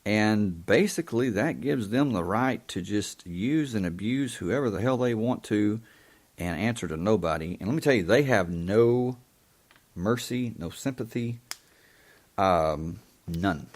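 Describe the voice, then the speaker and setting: Hosting a live show, this man delivers his monologue in a fairly low voice with lively intonation. His speech is halting, full of ums and restarts, and his tone is indignant and emphatic.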